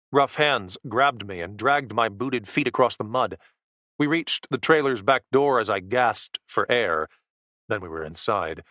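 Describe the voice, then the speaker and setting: Low, tense male audiobook narrator. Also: sharp tone, no room sound. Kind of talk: first-person thriller narration.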